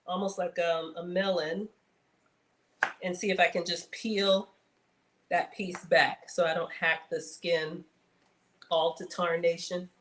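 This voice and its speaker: A woman's voice: fairly low pitch, level tone, slow pace, pauses often, fairly bright tone, roomy sound, slight background noise. A woman hosting a casual cooking livestream, chatting to viewers as she works. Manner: chatty, addresses viewers as y'all; playful outbursts and sing-song bits.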